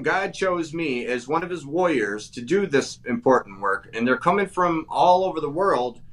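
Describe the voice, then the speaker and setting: A man's voice: fairly high pitch, a bit bright. A man from Wisconsin with an Upper Midwest accent, a guest talking fervently and emphatically, repeating himself and restarting phrases. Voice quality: emphatic, repetitive, full of restarts. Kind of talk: fervent talk-show chat.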